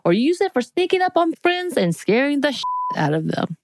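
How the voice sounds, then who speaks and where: A woman's voice: sits high, sing-song, a little fast, background noise. A woman co-hosting a podcast, reading out quiz questions in a playful, teasing way. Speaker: podcast co-host. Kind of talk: casual chat.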